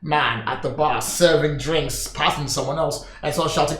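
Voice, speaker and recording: A man narrating a tabletop game as game master, telling the scene with lively, animated descriptions. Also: a little high, moderate pace, a crowd in the background. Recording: roomy echo.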